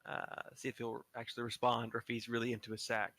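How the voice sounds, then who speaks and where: Male player, bright and teasing, dry close recording. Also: medium pitch, completely flat delivery, fast talker, vocal fry, dry recording. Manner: joking, laughs often, hesitant fillers. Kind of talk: casual tabletop play.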